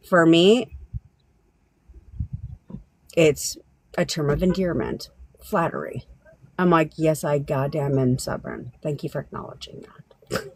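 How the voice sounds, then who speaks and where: A woman's voice: low-pitched, no echo. A woman from Southern California, a manifestation coach, ranting bluntly and profanely on a live stream, laughing often.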